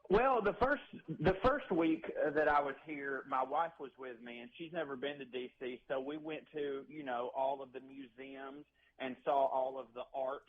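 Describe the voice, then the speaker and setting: A man's voice: mid-range voice, expressive, normal speed. A man with a Southern US accent, a stand-up comedian telling self-deprecating stories as a guest over the phone. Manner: joking, self-deprecating storyteller. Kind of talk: casual phone interview. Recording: muffled phone line.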